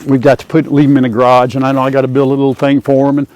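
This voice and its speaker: A man's voice: medium pitch, monotone, rapid-fire, a little mellow, no room sound. An older man hosting a farm vlog outdoors by a chicken coop, chatting in a folksy way and talking to his chickens. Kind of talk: casual farm vlog chat. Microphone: lapel mic.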